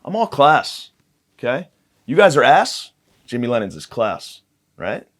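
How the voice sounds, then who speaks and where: A man's voice: mid-range voice, very animated, a little slow, fairly bright tone. A young man hosting a podcast, talking in a crude, rambling, self-mocking comedic monologue. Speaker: podcast host.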